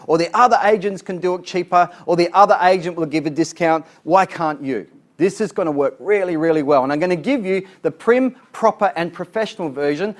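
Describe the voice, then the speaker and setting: A man giving an animated, chatty training seminar as a sales trainer. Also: high voice. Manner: animated, chatty, laughs at his own jokes.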